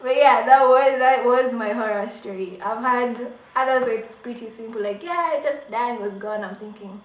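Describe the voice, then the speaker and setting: Young woman, vlog storyteller, dramatic and animated, slightly high voice, echoey home room. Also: normal speed, highs cut off. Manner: animated, dramatic retelling with laughs and acted-out quotes. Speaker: beauty vlogger. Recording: echoey room, faint background hum.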